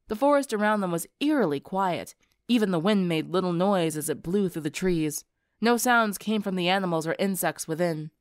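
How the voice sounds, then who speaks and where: A woman narrating a story for an audiobook in an expressive storytelling manner. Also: mid-range voice, no echo, studio quality. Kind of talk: audiobook narration of fan fiction.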